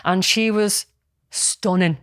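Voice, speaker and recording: A woman's voice: medium pitch, fairly even intonation, slow, dry recording, clean studio sound. A woman, casually telling a story on a podcast, rambling with lots of ums and restarts. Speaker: podcast co-host.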